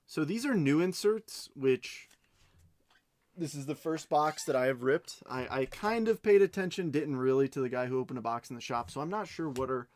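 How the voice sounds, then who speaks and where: A man's voice: fairly high pitch, animated, darkish tone. Chatty man opening cards live. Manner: chatty and unhurried, reading out names as he goes; playful self-mocking asides. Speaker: card break host. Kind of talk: casual live card-opening commentary.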